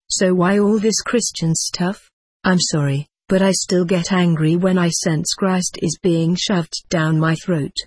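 Flat text-to-speech audiobook narrator. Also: medium pitch, moderate pace, husky, dry recording. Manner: flat, even synthetic delivery.

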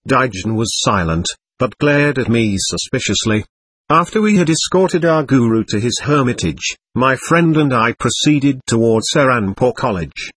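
Husky male audiobook narrator. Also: mid-range voice, animated, measured pace, fairly bright tone, no room sound. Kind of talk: scripted first-person narration.

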